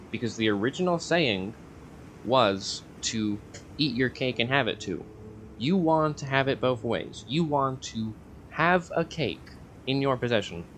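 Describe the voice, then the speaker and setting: A man's voice: fairly low pitch, a bit bright, slight background noise. A young man rambling casually in a vlog, hesitant and full of fillers and self-corrections. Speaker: YouTuber.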